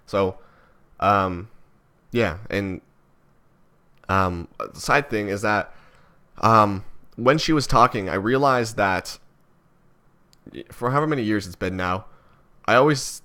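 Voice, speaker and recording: A man's voice: lowish voice, slow pace, bright, forceful tone. A young man from Canada talking through his thoughts in a personal vlog, rambling and self-critical with many restarts. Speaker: vlogger.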